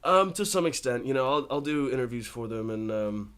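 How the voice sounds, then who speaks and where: A man's voice: medium pitch, fairly quick, clean tone. Laid-back young man telling stories. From United States. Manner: laughs often, relaxed storytelling. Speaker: actor guest. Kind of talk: casual interview chat.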